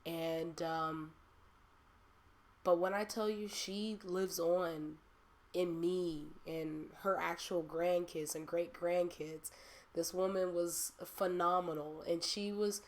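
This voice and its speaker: A woman's voice: fairly low pitch, steady tone, slow. A young woman hosting a personal monologue, heartfelt and rambling with many fillers. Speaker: host.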